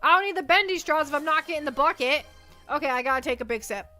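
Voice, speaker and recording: A woman's voice: high voice, animated, quick pace, bright, forceful tone, soft background music. A woman livestreaming from her desk at home, chatting playfully and rambling as she reads chat messages aloud.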